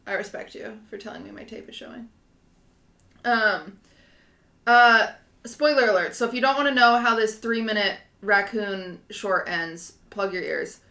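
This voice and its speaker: A young woman in her twenties, a podcast co-host, chatting casually and telling a story in an animated way, full of fillers. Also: mid-range voice, moderate pace, creaky, echoey room. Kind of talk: casual chat.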